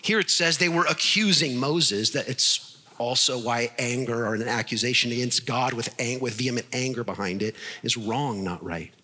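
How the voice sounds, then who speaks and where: A man preaching a sermon, animated and acting out the voices in his stories. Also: mid-range voice, moderate pace, slightly rough, in a large hall. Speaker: pastor.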